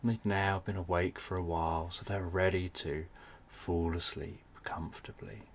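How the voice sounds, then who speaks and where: A man narrating a bedtime story for adults, speaking in a soft, soothing way. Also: low voice, steady tone, moderate pace, gravelly, a little hiss or hum.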